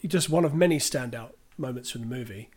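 A man's voice: mid-range voice, a little fast, a little mellow, breathy edge. A man co-hosting a podcast, recapping a film in a rambling, hesitant way full of fillers and restarts. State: clearing his throat. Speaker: podcast co-host. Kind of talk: casual film discussion.

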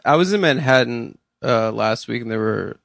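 Man, gravelly voice, deadpan podcast banter, dry sound. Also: medium pitch, moderate pace, no echo. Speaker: podcast co-host. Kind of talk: casual chat.

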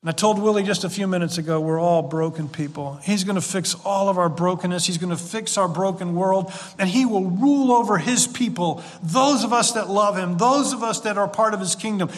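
A pastor preaching a sermon, earnest and conversational, with folksy asides to the congregation. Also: male voice, high-pitched, fairly bright tone. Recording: long hall reverb.

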